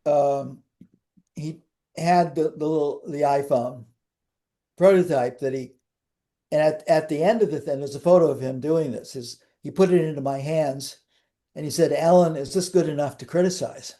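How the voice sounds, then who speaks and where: A man's voice: on the high side, moderate pace, dark tone. An older man, a guest in an interview, telling wry, rambling anecdotes with frequent restarts.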